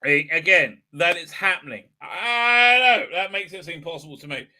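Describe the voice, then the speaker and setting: Man, exasperated, incredulous rant, filler-heavy, very bright tone. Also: on the high side, fairly quick. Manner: exasperated, incredulous, full of fillers, mocking quotes. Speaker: show host reviewing an episode. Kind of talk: rambling ranting recap.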